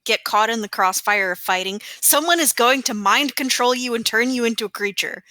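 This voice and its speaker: A woman's voice: fairly high pitch, brisk, pushed and bright, no room sound. A woman co-hosting a podcast, chiming in with short agreements and wry jokes in casual anime chat. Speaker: podcast co-host.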